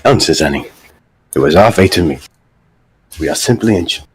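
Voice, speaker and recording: A man voicing a calm, wise older Jedi master who speaks in a measured, solemn way. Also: deep voice, a little hiss or hum, poor audio.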